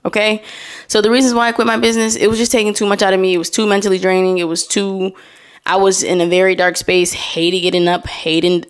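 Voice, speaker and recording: A young woman hosts a relaxed solo podcast, chatting through posts she reads aloud. Her voice sits a bit low for a woman. She breaks into laughing asides as she goes. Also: clear, resonant tone. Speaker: podcast host. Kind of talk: casual solo chat.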